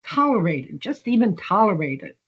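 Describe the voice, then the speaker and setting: A woman's voice: medium pitch, very animated, breathy edge, highs cut off. An older woman telling long stories in an interview, acting out quoted dialogue as she goes. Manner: slow storytelling, acts out quoted dialogue. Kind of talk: long-form conversational interview.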